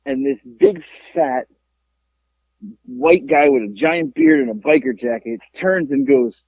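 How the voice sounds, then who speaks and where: A man hosting a podcast, telling a rowdy story in casual chat, profane and animated, acting out the people in it. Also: on the high side, a little slow, gravelly, no room sound. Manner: profane, animated, acts out the people in his stories. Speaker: podcast host. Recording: dull lo-fi podcast audio.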